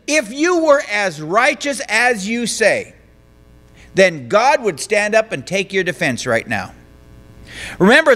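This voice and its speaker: Male pastor, unhurried conversational sermon delivery, crisp bright tone. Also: high voice. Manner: conversational preaching, paraphrasing scripture in plain speech.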